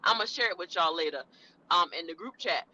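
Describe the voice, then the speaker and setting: A woman's voice: fairly low pitch, lively intonation, brisk, pushed and bright, slight background noise. A woman co-hosting a podcast, talking in a loose, chatty, emphatic way. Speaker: podcast co-host. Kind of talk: casual chat. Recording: dull lo-fi audio.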